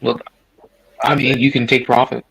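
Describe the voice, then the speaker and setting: An American man in his thirties calls into a voice chat for a casual political debate, rambling and emphatic with occasional swearing. His mid-range voice is gravelly, fairly bright, and breathy-edged, delivered flatly at normal speed over poor audio.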